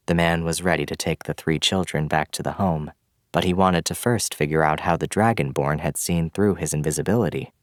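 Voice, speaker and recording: Super deep guy reading a fantasy audiobook, steady and calm, dry close mic. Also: a little fast, dry recording. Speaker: audiobook narrator. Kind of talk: scripted audiobook narration.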